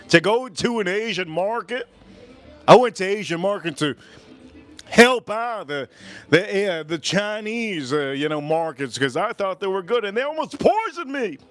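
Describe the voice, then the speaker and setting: A man's voice: high voice, expressive, a little slow, fairly bright tone. A man from the United States in his forties, hosting a cooking livestream in casual chat, rambling and repeating himself as he restarts his sentences.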